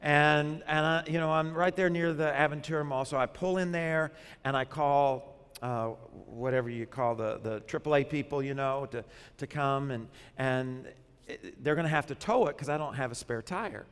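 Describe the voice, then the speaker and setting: A man with a fairly high voice delivers a relaxed, conversational sermon, joking with the crowd. He grew up in Arkansas. His voice carries a long reverb from a big church hall. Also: normal speed, clean tone. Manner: lively, conversational preaching with humor. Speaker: pastor.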